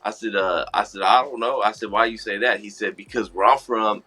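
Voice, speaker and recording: Low, bright-voiced LA man rambling. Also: fairly quick, breathy edge. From Los Angeles. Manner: relaxed, rambling with many restarts and "I said". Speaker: podcast co-host. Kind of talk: casual storytelling chat.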